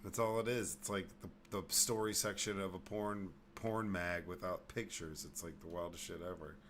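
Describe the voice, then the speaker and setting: Very low-voiced laid-back podcast host. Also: male voice, steady tone, moderate pace, a bit bright, slight background noise. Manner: laid-back, swears freely, trails off mid-sentence. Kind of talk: casual chat.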